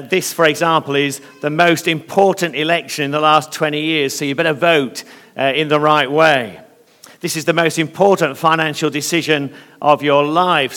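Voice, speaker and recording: A slightly hoarse man preaching a sermon in earnest, often pausing on fillers. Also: a little high. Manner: earnest, with hesitant fillers and softening in prayer. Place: church. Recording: long reverb of a church hall.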